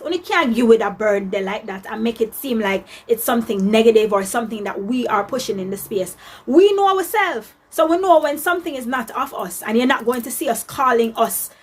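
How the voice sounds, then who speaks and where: A woman's voice: on the high side, husky. A Jamaican woman giving her opinion in casual talk, emphatic and preachy, with creole phrasing.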